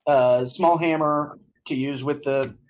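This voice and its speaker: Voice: mid-range voice, fairly even intonation, a little slow. Hesitant tabletop player. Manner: hesitant, lots of ums. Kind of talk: casual game chat.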